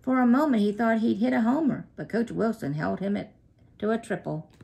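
A woman narrating a children's story in a steady, clear way. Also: mid-range voice, fairly quick.

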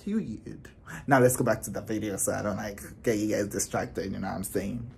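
A man, a vlogger telling a story in an animated, exasperated, profane casual rant. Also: on the low side, brisk, vocal fry, slight background noise.

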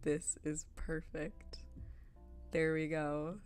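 A woman streaming a game, reacting with gushing, playful, dramatic excitement. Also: deep voice, drawn-out words, faint music behind. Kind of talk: live-stream commentary.

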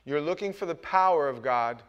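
A middle-aged man preaching a sermon as pastor, talking with the congregation and swinging between hushed asides and loud, emphatic bursts. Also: on the high side, animated, moderate pace, clear, resonant tone, dull audio. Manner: conversational, asks the congregation questions.

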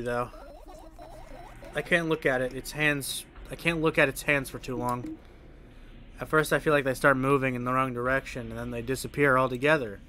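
A man's voice: medium pitch, sharp tone. A man streaming a game, reading its text aloud and breaking in with sarcastic, swearing asides.

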